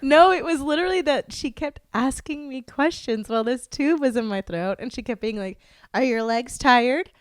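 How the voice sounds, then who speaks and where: A young woman with a fairly high voice co-hosts a casual chat, spinning an animated story and slipping into the voices of the people in it. The sound is close and dry, with no room behind her. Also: brisk, hardly any pauses, no echo. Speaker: podcast co-host.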